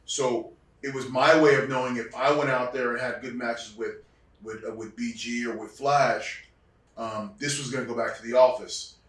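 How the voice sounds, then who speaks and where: A man who used to wrestle, interviewed as a guest, telling animated stories about his career and acting out other people's voices. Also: medium pitch, normal speed. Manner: animated storyteller, acts out quoted voices. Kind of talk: casual storytelling interview. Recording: roomy sound from a distant mic.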